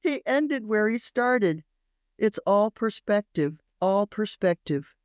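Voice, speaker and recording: A woman's voice: medium pitch, takes it slowly, clear, resonant tone, dry recording, clean studio sound. A woman in her sixties, a parenting expert guest telling stories in an interview, acting out the voices she quotes. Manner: animated storyteller who acts out quoted voices. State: tearful at moments. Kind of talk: storytelling interview chat.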